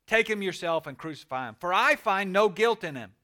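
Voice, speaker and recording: A man's voice: sits high, animated, fairly quick, sharp tone, pitched above the performer's own voice. A man reading as a questioning Roman governor.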